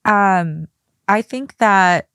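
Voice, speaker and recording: A woman's voice: medium pitch, drawn-out words, a bit bright, smooth, no room sound, clean studio sound. A young adult woman co-hosting a podcast, chatty and opinionated in casual talk. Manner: opinionated, chatty, lots of fillers. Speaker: guest co-host. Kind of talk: casual chat.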